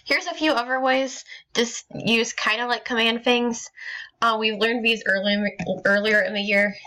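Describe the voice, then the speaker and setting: A woman teacher talks through a recorded lesson at a middling pitch. Her tone is bright and crisp, and she moves step by step with frequent ums and small restarts. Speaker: Spanish teacher.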